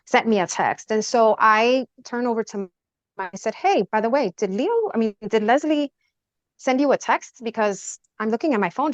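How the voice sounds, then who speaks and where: A woman guest on a podcast giving an earnest, halting personal account and acting out the dialogue she remembers. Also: mid-range voice, dry recording. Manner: earnest, halting, acts out quoted dialogue with rising urgency. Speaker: podcast guest recounting a tragedy.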